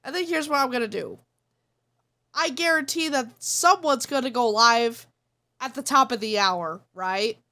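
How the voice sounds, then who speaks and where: A congested woman streams live, her nose audibly stuffed up as she banters and teases her chat. She talks at an unhurried pace in a fairly high voice with a bright, sharp edge. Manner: playful, teasing the chat.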